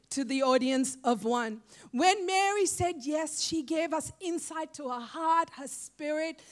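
High-voiced woman preaching a sermon. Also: fairly bright tone. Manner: impassioned, asks rhetorical questions, calls out "Amen?".

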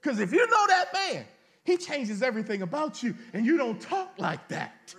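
A man preaching a sermon, reading scripture aloud and speaking colloquially to his congregation, with sudden dramatic rises into shouting. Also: very high-pitched, sing-song, normal speed. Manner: colloquial, addresses the congregation directly. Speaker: pastor.

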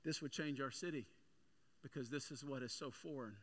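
A male pastor preaching a sermon with energetic, animated storytelling. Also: medium pitch, normal speed.

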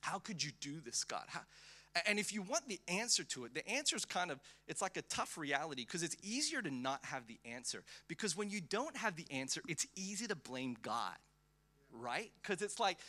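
A man in his thirties preaching to a church congregation, his voice very bright and a little high for a man. He talks animatedly and conversationally, with frequent restarts, and acts out quotes as he tells stories from the pulpit. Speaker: pastor. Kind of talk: sermon with personal storytelling.

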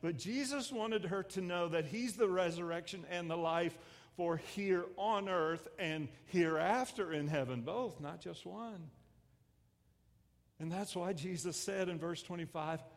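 A man pastor preaching a sermon, swelling loud and then dropping to hushed lines. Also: sits high, expressive, a little slow. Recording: echoey hall with long reverb.

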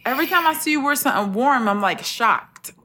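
A woman hosts a casual podcast chat. She retells stories in an animated way, laughing often as she goes. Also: high-pitched, a little fast. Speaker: podcast host.

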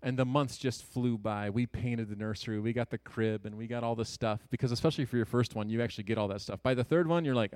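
A man's voice: medium pitch, dry recording. Male storyteller, thirties, earnest and conversational, mid-range voice, dry close sound. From Ohio, USA. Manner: earnest, conversational, with quick jokes and hushed asides. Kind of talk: personal story told to an audience.

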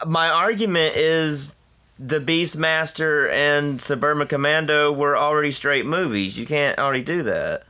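A man in comedic banter, answering his partner's pitches with dry, deadpan remarks. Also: measured pace.

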